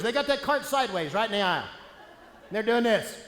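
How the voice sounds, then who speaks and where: Man, comedic seminar speaker, lively bright voice, echoey hall. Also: high voice, quick pace, a little hiss or hum. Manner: animated, punchy, playful. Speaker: motivational speaker. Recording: echoey hall, faint ambience.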